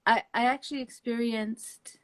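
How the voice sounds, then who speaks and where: A woman's voice: on the high side, fairly even intonation, normal speed, fairly bright tone. A woman speaks as a guest in a loose live-stream conversation. Her talk is blunt and emphatic, with free swearing. She laughs between her points. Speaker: interview guest.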